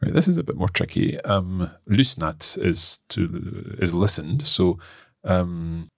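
Male learner-host, gravelly low voice, halting, thinks aloud. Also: animated, dry recording, clean studio sound. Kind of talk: casual language lesson.

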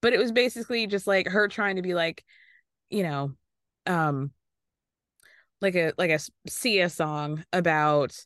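A woman's voice: lowish voice, unhurried, pauses often, fairly bright tone, no room sound, clean studio sound. A woman hosting a podcast, recapping a reality show in a casual, snarky way that is full of swearing and laughter. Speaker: podcast host.

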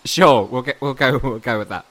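A woman's voice: rumbling low, moderate pace, voice pushed down. A woman voicing a shy, awkward young male elf who stammers and apologizes often. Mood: flustered, shy.

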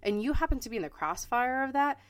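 A woman's voice: high-pitched, lively intonation, fast. A woman co-hosting a podcast in casual chat, blunt and frank and swearing freely. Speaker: podcast co-host.

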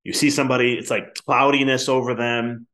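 A man who hosts a podcast and used to work as a chiropractor, talking in a friendly, informal way and telling stories in an animated manner. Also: medium pitch, fairly quick. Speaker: podcast host, former chiropractor. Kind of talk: casual podcast conversation.

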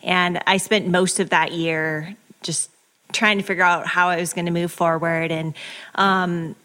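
A woman's voice: on the low side, little pitch movement, a little slow, bright, forceful tone. A woman in her thirties talking candidly as a podcast guest, laughing now and then. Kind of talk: casual interview talk.

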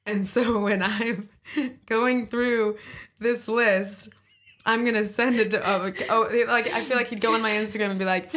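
Animated woman telling a story as a guest. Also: on the high side, normal speed, a little hiss or hum. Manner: animated storyteller, many fillers. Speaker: podcast guest. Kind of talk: casual chat.

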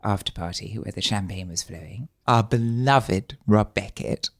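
A man's voice: fairly low pitch, normal speed, vocal fry. A man hosting a casual podcast chat, with flowery, theatrical wording. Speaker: podcast host.

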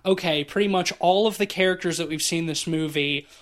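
A man's voice: a little high, fairly quick. A man in his thirties co-hosting a podcast, talking casually and profanely about a film. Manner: rambling, animated, profane. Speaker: podcast co-host.

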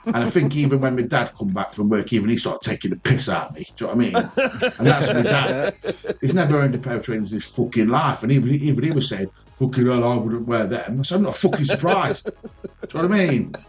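A man co-hosting a casual podcast, telling an animated, heavily sweary story about his youth. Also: medium pitch, fast talker. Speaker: podcast co-host.

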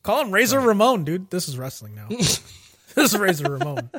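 A man's voice: sits high, very animated, a little fast, a bit bright. A man co-hosting a podcast, riffing crude jokes in casual chat. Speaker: podcast co-host.

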